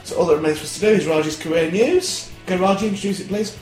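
A man's voice: high voice, fast, a little mellow, faint music behind. A man hosting a comedy podcast, teasing and swearing in crude improvised banter. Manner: teasing, swearing, bursts into laughter. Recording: roomy echo.

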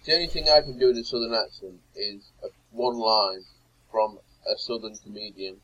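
A man's voice: on the low side, moderate pace, a bit bright, poor audio. A man co-hosting a podcast, chatting playfully and teasing. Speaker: podcast co-host. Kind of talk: casual chat.

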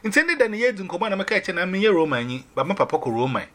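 A man sharing a personal faith testimony, telling it in an animated way and dropping in English phrases. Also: sits high, racing.

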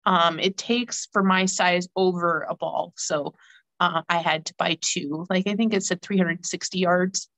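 Brief: chatty woman with a frog in her throat, dry close sound, mid pitch. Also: steady tone, a little slow, a bit bright, no room sound, poor audio. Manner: chatty, rambling, many fillers. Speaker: guest knitter. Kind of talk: casual knitting podcast chat.

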